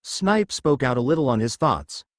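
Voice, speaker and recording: Guy reading a fan fic story out loud, voice bounces up and down a lot, dry close recording. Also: medium pitch, big pitch swings, normal speed, dry recording. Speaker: fan fiction narrator. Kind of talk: scripted story narration.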